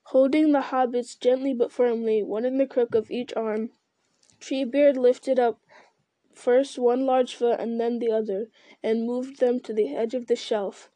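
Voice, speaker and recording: A woman reads a fantasy novel aloud in calm storytelling, now and then stumbling on a word. Her voice is mellow and a little high, in a close, dry recording. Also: measured pace, no room sound. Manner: calm storytelling with small slips. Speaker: reader.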